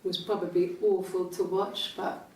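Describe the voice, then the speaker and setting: An actress with a British accent playing a composed young wife who speaks softly and reflectively in a police interview. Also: female voice, on the low side, level tone, natural voice. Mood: calm. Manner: soft-spoken, measured, reflective. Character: composed young wife recalling her wedding. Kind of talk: naturalistic screen acting. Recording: roomy interview room from a distance, faint hiss.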